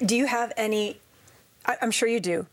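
A female TV co-host asking warm, enthusiastic questions in a casual studio interview. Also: on the high side, moderate pace. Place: TV studio set.

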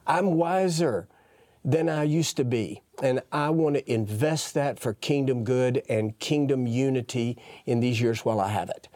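A man's voice: mid-range voice, unhurried, darkish tone, no room sound. An older man, a guest telling folksy stories and laughing as he goes. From East Texas. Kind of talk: storytelling testimony.

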